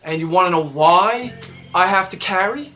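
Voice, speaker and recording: A man delivering a heated, profane talk-radio rant, getting louder and higher as he stresses his points. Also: lively intonation, moderate pace, faint music behind. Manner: heated, profane, emphatic ranting that climbs in pitch and volume. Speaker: radio show segment contributor. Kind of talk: ranting talk-radio monologue. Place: radio studio.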